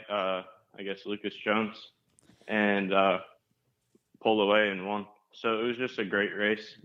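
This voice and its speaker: A young man, a race car driver, answering interview questions in a flat, composed, low-key way. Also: muffled recording. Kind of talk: casual interview.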